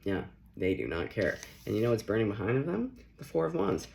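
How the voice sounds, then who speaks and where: A man's voice: lowish voice, wildly swooping pitch, fairly quick, creaky, a little mellow, a little hiss or hum. A young man giving a casual, playful tarot reading, often laughing as he talks. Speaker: tarot reader.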